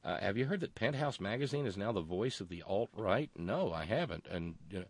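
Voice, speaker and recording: A man's voice: on the low side, fairly quick, no echo. A man hosting a casual talk show, telling stories with a sardonic edge. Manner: sardonic, animated storyteller. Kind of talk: casual radio banter.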